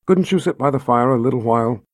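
A man's voice: medium pitch, lively intonation, fast, no room sound, clean studio sound, close to an everyday voice. A man reading aloud, voicing a frightened young girl who asks small, pleading questions.

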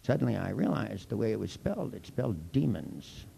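A man's voice: fairly low pitch, big pitch swings, brisk, gravelly, dark tone, a little hiss or hum, poor audio. A man leading a live workshop, teaching in a playful, teasing way full of mock threats. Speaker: workshop leader.

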